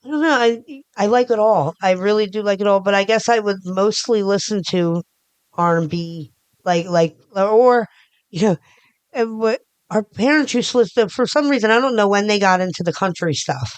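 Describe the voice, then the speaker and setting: In a dry recording, a woman's clear, resonant mid-range voice moves at a moderate pace. She's a middle-aged Philadelphia-area podcast guest whose casual interview chat wanders, with frequent restarts and lots of hand gestures.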